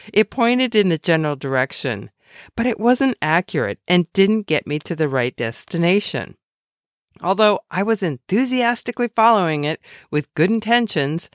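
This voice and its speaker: A woman reading her own devotional book aloud in an expressive, conversational storytelling way with wry asides. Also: fairly low pitch, no echo, clean studio sound.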